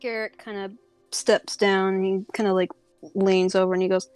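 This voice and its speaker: A woman's voice: medium pitch, flat delivery, moderate pace, darkish tone, smooth, no room sound, soft background music. A woman playing a tabletop role-playing game, chatty and often laughing. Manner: giggly, chatty. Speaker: player. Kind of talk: tabletop role-play chat.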